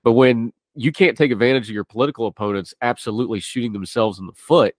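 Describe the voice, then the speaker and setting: A man's voice: mid-range voice, quick pace, no echo. A man hosting a political chat in loose, casual phrasing with many fillers. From outside the UK. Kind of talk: conversational political discussion.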